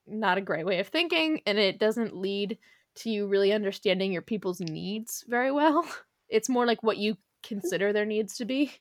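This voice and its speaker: A woman's voice: mid-range voice, animated, moderate pace, dry recording, clean studio sound. A young adult woman hosting a podcast, chatting casually about history with lots of fillers and frequent laughs. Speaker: podcast host.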